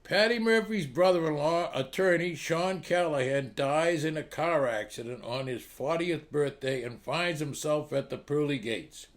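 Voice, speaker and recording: A man hosting a comedy show, telling long joke stories in a lively storytelling way. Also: on the high side, a little slow, few pauses. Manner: animated joke delivery with acted voices. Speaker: comedy club host telling jokes. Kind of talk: storytelling jokes.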